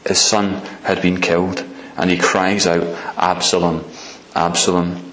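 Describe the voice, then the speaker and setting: A man delivers a sermon in a fairly low voice, retelling stories steadily before lifting into earnest, pleading questions. His voice rings in a roomy, echoing space. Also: level tone, a little slow, a bit bright. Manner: earnest, builds to raised, pleading emphasis. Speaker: preacher. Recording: roomy echo.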